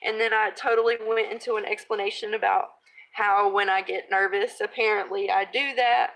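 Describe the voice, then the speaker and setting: A woman in her thirties casually chatting while she crafts, rambling off on tangents, laughing at herself and clearing her throat. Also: medium pitch, steady tone, normal speed, a bit bright, poor audio. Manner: rambling, self-deprecating, laughs often. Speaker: craft video host.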